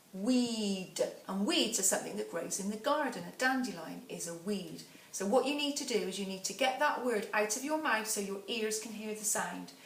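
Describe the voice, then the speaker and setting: Slow, patient woman teaching phonics. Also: medium pitch, a bit bright. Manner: slow, patient, counting down and sounding out words. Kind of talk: phonics lesson dictation. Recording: echoey room, voice a bit far from the mic, faint background noise.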